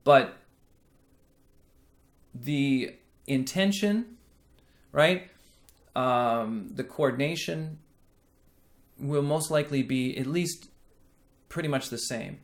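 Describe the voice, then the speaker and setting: A man teaching a singing lesson, explaining slowly and checking in with the listener as he goes. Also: mid-range voice. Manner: slow, explanatory teaching with frequent "right?" checks. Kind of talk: singing lesson with sung demonstrations.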